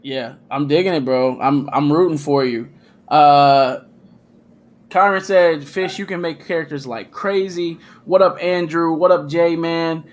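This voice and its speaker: A man hosting a casual comics livestream, talking in an animated, slangy, hyped way. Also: fairly high pitch, measured pace. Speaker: host.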